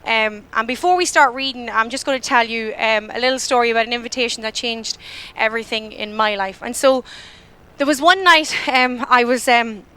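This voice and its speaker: A woman's voice: on the high side, normal speed, sharp tone, clean tone. A young Irish woman in her twenties giving a church talk, telling a story in a chatty way and acting out her own panicked thoughts. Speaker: church speaker. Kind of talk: storytelling sermon.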